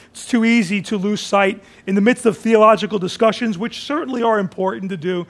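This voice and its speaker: A high-pitched male pastor delivers a communion sermon. He builds phrases through repetition, dropping to near-whispers and then rising to strong, raised lines. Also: vocal fry. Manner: dramatic swings from soft near-whisper to raised, shouted phrases; repeats phrases for emphasis.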